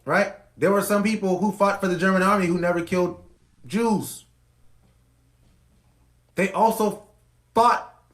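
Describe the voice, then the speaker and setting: A man's voice: high-pitched, fairly bright tone, reverberant, rough recording. A man hosting a podcast, delivering an impassioned commentary monologue with emphatic repetition. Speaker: podcast host.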